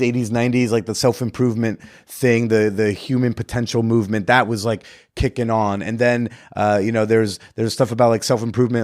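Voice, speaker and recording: A man's voice: mid-range voice, dry recording, clean studio sound. A man hosting a podcast in a casual monologue, chatty and rambling, with jokey asides. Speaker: podcast host and comedian.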